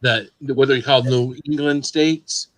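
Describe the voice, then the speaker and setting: A man talks in a relaxed, explaining way during a casual chat. His pitch is ordinary and the sound is dry and close. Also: measured pace, no echo, low-quality recording.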